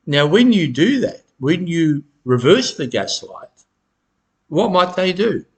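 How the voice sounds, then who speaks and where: A middle-aged man giving advice straight to camera, halting and repeating words, with frequent chuckles. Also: on the high side, big pitch swings, darkish tone, slightly rough. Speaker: self-help educator.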